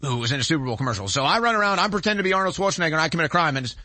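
Forceful, indignant male commentator. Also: on the high side, expressive, rapid-fire, few pauses, no echo. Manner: indignant, emphatic, piles up rhetorical questions. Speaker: show host. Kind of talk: heated political commentary monologue.

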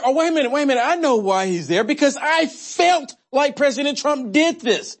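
A man's voice: very high-pitched, lively intonation, fairly quick, hardly any pauses. A man hosting a political commentary show, indignant and sarcastic, firing off rhetorical questions. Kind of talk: opinionated commentary.

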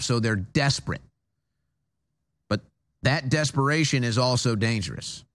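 Man, talk show host, studio monologue, emphatic, repeats himself, medium pitch. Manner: emphatic, repetitive, stammering restarts.

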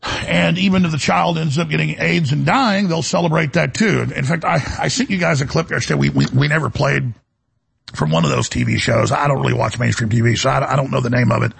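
A man's voice: on the high side, fairly even intonation, fairly quick. A man hosting a talk radio show, delivering a rambling, indignant monologue full of restarts. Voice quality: gravelly, raspy.

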